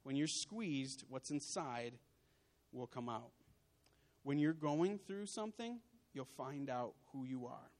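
A young adult man giving an emotional sermon testimony, building to forceful outbursts. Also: mid-range voice, expressive, takes it slowly. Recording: long hall reverb.

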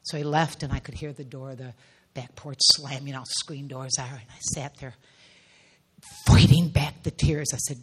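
A middle-aged woman preaches with a husky, breathy voice. She tells a personal testimony with real intensity. Her voice often sinks to soft, hushed near-whispers. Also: rumbling low, steady tone, moderate pace. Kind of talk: emotional sermon testimony.

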